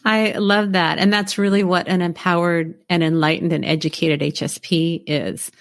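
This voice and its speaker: A middle-aged woman hosting a podcast interview, talking in a warm, affirming, casual way about her own kids. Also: low voice, flat delivery, a little slow. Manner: warm affirming, speaks of herself as a mother. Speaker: podcast host.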